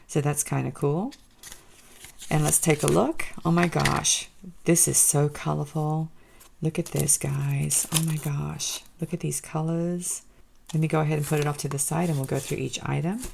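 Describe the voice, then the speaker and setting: A woman with a low voice that drops into a gravelly fry hosts a casual unboxing vlog. She gushes over each item with open enthusiasm and keeps talking straight to her viewers. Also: fairly even intonation, moderate pace, noisy background. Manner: gushing, enthusiastic, addresses viewers as guys. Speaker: jewelry designer and channel host.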